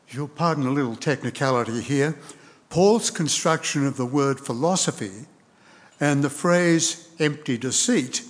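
A man preaching a sermon, speaking in a measured, deliberate way and reading scripture aloud. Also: on the high side. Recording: long reverb of a large hall.

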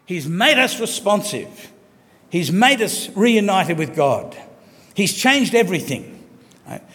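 A man preaching a sermon, earnest and emphatic, slowing down to stress key phrases. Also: high-pitched. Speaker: pastor. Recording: long hall reverb.

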